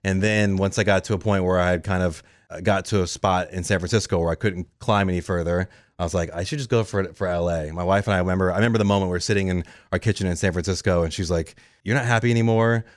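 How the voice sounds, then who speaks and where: Speaking in a deep voice, this guest, a radio producer, races through his career story in a relaxed interview, animatedly acting out the conversations he quotes. The recording is dry and studio-clean.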